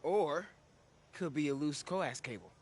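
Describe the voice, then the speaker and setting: A man's voice: on the high side, lively intonation, unhurried, slight background noise. An actor playing a polite, slightly hesitant teenage boy who is eager to help, in a video game cutscene. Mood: earnest.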